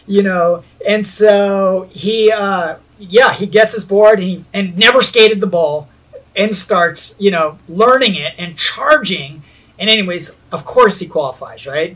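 A man with a notably high voice spins a rowdy story in loose, casual conversation. He talks in an animated rush, swears constantly and breaks into laughter along the way. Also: measured pace. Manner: animated, heavy swearing, laughs while telling. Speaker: skate videographer telling a story.

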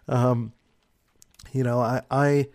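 A man explaining personality types in a casual, rambling monologue, peppered with "like" and soft laughs. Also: medium pitch, little pitch movement, extremely slow, no echo, studio quality. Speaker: personality type commentator.

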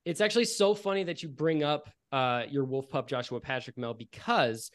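A man's voice: mid-range voice, normal speed. A man narrating a tabletop game as game master, in a casual, rambling way full of fillers.

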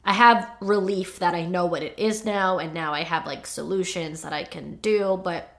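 Gravelly-voiced young woman podcast host. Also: fairly low pitch, steady tone, normal speed. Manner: confiding, rambling with fillers like "like". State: choked up, tearful. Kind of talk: casual personal monologue.

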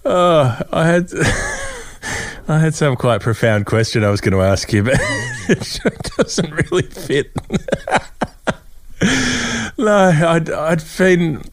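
A man hosting a podcast interview, asking halting questions through laughter. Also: on the high side, huge pitch swings. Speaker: podcast host. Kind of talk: casual interview chat.

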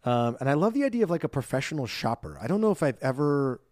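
A man's voice: mid-range voice, very animated, quick pace, darkish tone, no echo. A man co-hosts a podcast in casual chat, bubbly and playful. His voice sits in a middle register. The sound is dry and close. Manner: bubbly, chatty, jokey. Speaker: podcast co-host.

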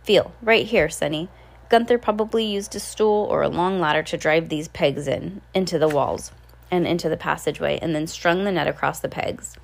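A woman's voice: deep voice, moderate pace, creaky. A woman voicing an earnest teenage girl. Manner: earnest, pleading. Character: inventive teenage girl, eldest sister, earnest.

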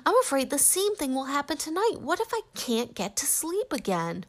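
A woman's voice: sits high, very animated, normal speed, voice pushed up. A woman voicing a tired, cranky young girl in a children's storybook reading.

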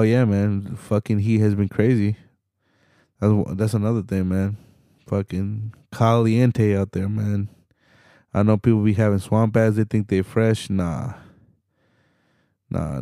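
A man's voice: fairly low pitch, dark tone, no echo, studio quality. A young adult man hosting a podcast, delivering a laid-back, slangy, profane monologue with laughs between points. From Hispanic community in the US. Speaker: podcast host.

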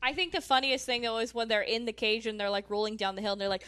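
A woman chats with friends on a podcast and chimes in with playful teasing. Her voice sits a little high. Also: steady tone, fast talker, heavy background noise. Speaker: podcast co-host. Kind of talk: casual chat.

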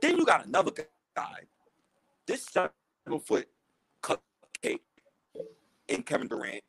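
A man trades heated, joking sports talk on a podcast. His voice sits high and leaps all over the place, with a gravelly, husky edge. The sound is dry and close. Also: unhurried, dry recording, low-quality recording. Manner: animated, jumping pitch, heated and joking. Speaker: podcast co-host. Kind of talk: casual sports podcast chat.

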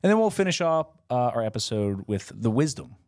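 Male podcast co-host, casual and self-deprecating, lively pitch, mid-range voice. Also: a little fast, no room sound, studio quality. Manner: rambling, self-mocking, fillers and laughs. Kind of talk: casual chat.

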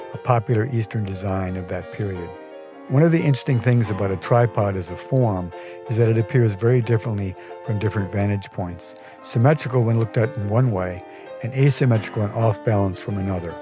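An older man narrating a personal story for his podcast, wry and measured. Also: fairly low pitch. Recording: dry close mic, faint music.

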